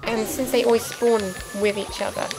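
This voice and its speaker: This young woman has a fairly high, steady voice and a moderate pace as she delivers casual gameplay commentary, explaining chattily with lots of ums and asides. Game music plays clearly behind her on a low-quality recording.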